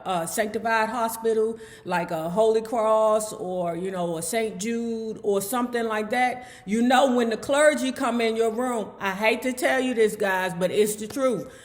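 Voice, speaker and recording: Animated woman reading aloud. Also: fairly high pitch. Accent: Southern US. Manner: switches between soft reading and loud animated asides. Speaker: book club host reading aloud. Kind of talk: memoir reading with casual commentary.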